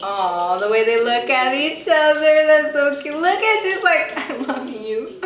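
A woman's voice: high voice, expressive, a little slow. Gushing, gasping young woman reacting. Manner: gushing, gasping and squealing with delight. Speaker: reaction vlogger. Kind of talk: casual reaction commentary. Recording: echoey room with faint music.

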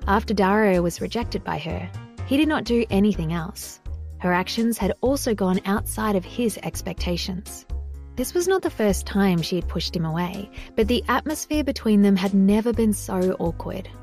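A woman narrating an audiobook in an even, measured reading. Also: medium pitch, faint music behind.

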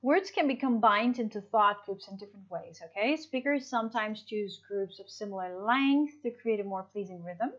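A woman's voice: mid-range voice, normal speed, few pauses. A woman teaching an English lesson, explaining step by step and checking in with her students. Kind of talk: online class lesson. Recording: dull lo-fi audio.

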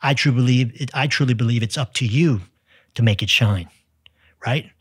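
Husky-voiced Texan man telling stories. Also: mid-range voice, normal speed, no room sound, studio quality. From United States. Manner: energetic, tells stories with quoted dialogue. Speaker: podcast guest, sales CEO. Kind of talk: storytelling in conversation.

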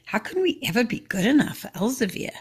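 A woman's voice: on the high side, sing-song, a little fast, breathy edge, pitched above the performer's own voice, exaggerated voice. A woman reading the lines of a crowd of thirsty villagers who plead and complain. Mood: desperate.

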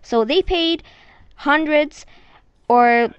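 A woman's voice: high voice, very slow, no room sound, dull audio. A woman talking casually in a vlog, chatty and full of "like" fillers. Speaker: vlogger.

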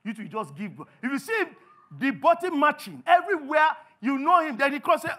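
A Nigerian man preaching a sermon as pastor, animated and acting out little scenes. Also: very high-pitched, fairly quick. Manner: animated, acts out little scenes in others' voices. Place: church.

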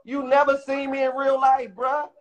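A young man with a very high voice argues brashly and dismissively on his live stream. He is profane and blunt. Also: monotone, moderate pace, muffled recording. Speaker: livestreamer. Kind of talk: heated livestream argument.

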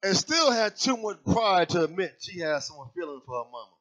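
Brief: male co-host, high voice, short reactive remarks. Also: very animated, a little fast, crowd noise. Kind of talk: religious radio talk show.

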